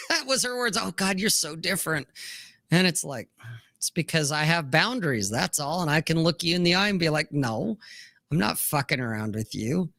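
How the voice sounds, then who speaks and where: A man's voice: fairly high pitch, expressive, normal speed, vocal fry, sharp tone, dry recording, studio quality. A man in casual podcast talk, blunt and profane, who acts out both sides of conversations as he talks.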